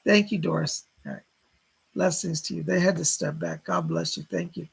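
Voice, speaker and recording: Male psychic medium, very gravelly, raspy, live-stream reader. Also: a little high, big pitch swings, moderate pace, rough recording. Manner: relays spirit messages as quotes, thanks donors by name.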